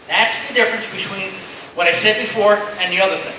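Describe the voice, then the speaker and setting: A man's voice: high-pitched, steady tone, quick pace. Joking man in an echoey seminar room. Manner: chatty, joking, rambling storyteller. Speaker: seminar speaker. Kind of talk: informal safety talk to pilots. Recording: echoey room from far off, noisy.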